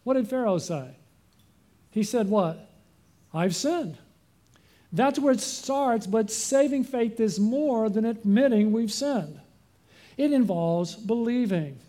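Male pastor, high mellow voice, preaching with rhetorical questions. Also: lively intonation, slow. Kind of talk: sermon.

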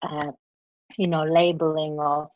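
A British woman in casual chat, talking in a thoughtful, questioning, animated way. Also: sits low, a little slow, no room sound. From Britain. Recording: slightly dull dry recording.

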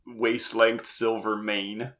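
A woman's voice: rumbling low, flat delivery, slow, fairly bright tone. A woman co-hosting a casual podcast, recapping a movie with wry, sarcastic asides. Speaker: podcast co-host.

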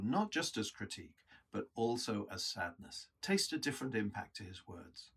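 A man delivers a reflective sermon at a middling pitch. His voice is husky. He teaches in an earnest, thoughtful manner. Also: animated, moderate pace, bright, forceful tone. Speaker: preacher.

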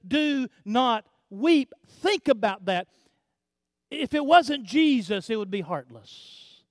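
High-voiced preacher with slow, dry delivery. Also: male voice, no echo. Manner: swings between hushed low passages and loud emphatic preaching; repeats words and restarts phrases while building emphasis. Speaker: pastor. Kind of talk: sermon.

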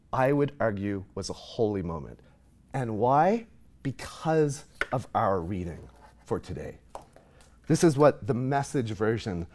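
A man, a pastor, preaching an emotional sermon to his congregation, reading scripture with loud emphasis. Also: medium pitch.

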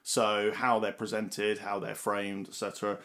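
A man co-hosting a casual film podcast, who swears freely and tells stories in an animated way. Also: fairly low pitch, unhurried. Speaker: podcast co-host.

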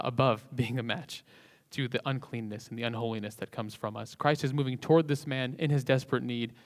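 Male preacher, mid-range voice, earnest sermon, long hall reverb. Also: medium pitch. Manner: earnest, rises and falls in emphasis, occasional light laughs. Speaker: pastor.

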